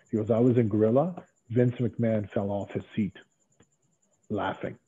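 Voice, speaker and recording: A middle-aged man with a husky, slightly rough voice tells his stories with energy, slipping into the voices of the people he quotes. His speech comes through a thin, phone-like line. His pitch sits in an ordinary middle range. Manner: animated storyteller acting out quoted dialogue. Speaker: interview guest, former pro wrestler. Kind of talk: storytelling in a long interview.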